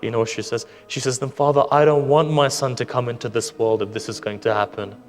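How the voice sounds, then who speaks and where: A man preaching a sermon, telling stories with quoted dialogue and rhetorical questions, moving between loud urging and hushed sorrow. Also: mid-range voice, fairly even intonation, fast, soft background music. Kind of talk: sermon storytelling.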